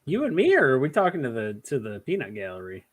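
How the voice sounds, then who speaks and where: A man's voice: medium pitch, huge pitch swings, quick pace. A young man co-hosting a podcast in casual chat, teasing, laughing often and drawing out his punchlines. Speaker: podcast co-host.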